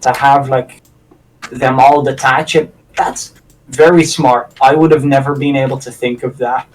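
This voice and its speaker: A man chatting casually while playing a game with a friend, rambling with lots of fillers and quick self-deprecating laughs. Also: mid-range voice, fairly even intonation, far from the mic, slight background noise, rough recording. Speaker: gaming channel host. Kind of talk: casual co-op gameplay chat.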